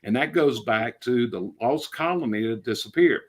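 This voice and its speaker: A man's voice: medium pitch, lively intonation, moderate pace. A middle-aged man with a North Carolina Southern accent, a business coach talking bluntly and folksily in a casual interview. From North Carolina, Charlotte area.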